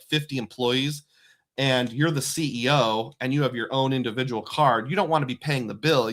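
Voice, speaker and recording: A man's voice: medium pitch, fairly bright tone. A man hosting a casual livestream about credit cards and bank bonuses, talking in a chatty, rambling way with many asides. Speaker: personal finance host.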